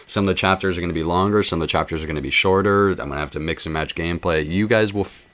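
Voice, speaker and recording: A man's voice: deep voice, rapid-fire, a bit bright. A man running a gaming channel, chatting casually to his viewers in a rambling, self-deprecating way with frequent ums.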